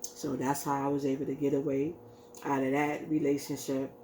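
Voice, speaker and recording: A woman's voice: very deep voice, little pitch movement, normal speed, mellow, a little hiss or hum. Rambling woman telling a storytime. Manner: rambling, heavy use of "like" and "you know"; acts out quoted lines in her retelling. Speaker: vlogger. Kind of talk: casual storytime chat.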